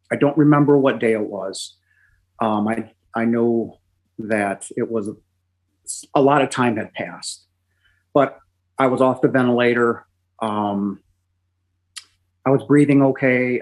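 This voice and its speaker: A middle-aged man, a podcast guest, giving a personal testimony in a halting, emotional way, with frequent pauses and restarts. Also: medium pitch, low-quality recording.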